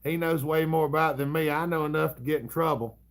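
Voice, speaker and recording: Talking fast in a high-leaning, steady voice, a middle-aged man from the American South hosts an easygoing livestream, answering comments with a drawl, chuckles, and folksy charm.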